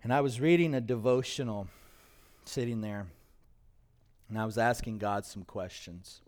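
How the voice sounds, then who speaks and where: A middle-aged male pastor telling a personal story in a sermon, emotional and halting at times. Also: on the low side, darkish tone. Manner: emotional, personal testimony with pauses.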